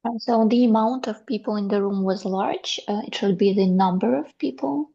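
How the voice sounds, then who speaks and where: A woman's voice: medium pitch, normal speed, vocal fry, mellow, lo-fi sound. A woman, a trainee answering in an online class, tentatively explaining her answers.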